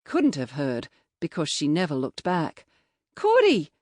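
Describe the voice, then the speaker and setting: A low-pitched woman narrates a novel in the first person, measured and reflective. Her voice is recorded close on a studio mic, dry and dead. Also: expressive, darkish tone, no echo. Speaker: audiobook narrator.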